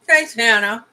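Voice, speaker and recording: A woman's voice: a little high, pushed and bright, poor audio. A middle-aged woman from Canada doing a casual livestream as a life coach, chatting with viewers while tasting candies and giving advice.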